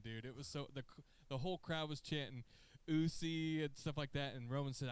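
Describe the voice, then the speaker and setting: A man co-hosting a casual podcast, his voice smooth and resonant as he rambles through animated, profane retellings. The sound is close and dry, with no room around him. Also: mid-range voice, moderate pace, few pauses, no echo. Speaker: podcast co-host. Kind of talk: casual chat, excited storytelling. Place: podcast studio.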